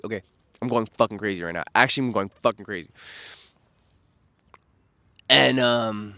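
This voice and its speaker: A young man from New York with a New York accent, rambling casually and excitably about a trip, slangy and profane, losing his train of thought. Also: lowish voice, normal speed, pauses often, no echo. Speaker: vlogger.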